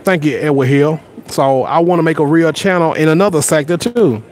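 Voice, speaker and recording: A man's voice: a little high, fairly quick, darkish tone. Rambling Southern man on a livestream. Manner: rambling, repeats words and restarts often; blunt and boastful. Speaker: livestream host. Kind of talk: casual live chat with viewers.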